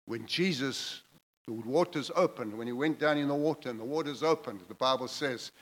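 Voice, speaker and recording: A man's voice: mid-range voice, normal speed, fairly bright tone, rough recording. A man preaching a sermon, emphatic and repetitive, building his phrases in intensity as he goes.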